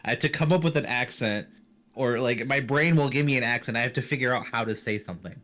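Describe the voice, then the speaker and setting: A man's voice: medium pitch, fast talker. A man at the game table who talks loosely and animatedly. He laughs easily and curses without a second thought. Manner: animated, swears casually, laughs. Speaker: player. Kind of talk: casual chat.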